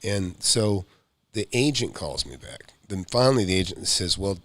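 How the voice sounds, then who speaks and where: A middle-aged man, a real estate investor hosting a live show, telling a story in an animated, rambling way with quick asides. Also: low voice, no room sound.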